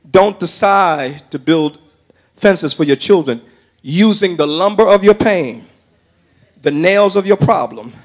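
An older man preaching a sermon as pastor of his church, calling to the congregation and swinging between shouted bursts and quieter asides. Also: on the high side. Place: church sanctuary.

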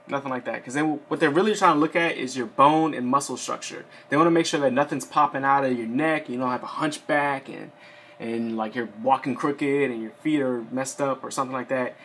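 A man's voice: mid-range voice, fairly even intonation, normal speed, a bit bright. A young man with a mid-range voice talks loosely while seated, full of "like" and "uh" as he rambles through practical advice. His delivery is conversational and unscripted, like a friend walking you through what happened to him. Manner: rambling, filler-heavy, conversational. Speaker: Air Force enlistee giving advice. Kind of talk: casual advice vlog. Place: seated indoors.

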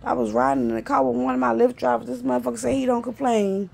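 Very gravelly, husky woman venting. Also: fairly high pitch, fairly even intonation, quick pace, a little mellow. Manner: profane, exasperated, repeats herself. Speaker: vlogger. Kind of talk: venting rant to camera.

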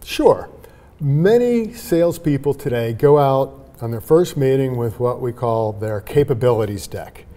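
A man guest on an interview show, explaining his sales method in an animated, emphatic way. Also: mid-range voice, unhurried. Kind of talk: conversational interview.

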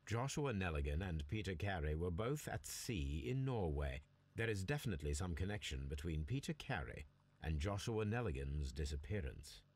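Formal detective man in a game, really low husky voice. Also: very animated, moderate pace, a little mellow, full character voice. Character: measured, formal male detective.

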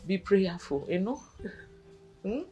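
A woman's voice: mid-range voice, very animated, slow, dark tone, faint music behind, poor audio. A middle-aged actress with a Nigerian accent playing a mother who comforts her grown daughter. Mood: comforting. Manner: soothing, reassuring. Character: warm, comforting village mother. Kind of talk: Nollywood film acting.

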